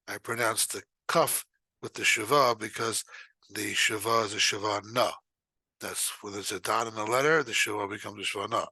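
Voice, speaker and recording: A man teaching a recorded lesson, explaining quickly in short bursts and then chanting phrases slowly. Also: on the low side, vocal fry, pushed and bright, no room sound.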